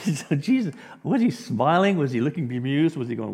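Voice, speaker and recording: A man preaching a sermon as a pastor, animated and acting out the voices of the people in the story. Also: medium pitch, fairly quick, slightly rough. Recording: echoey hall with long reverb.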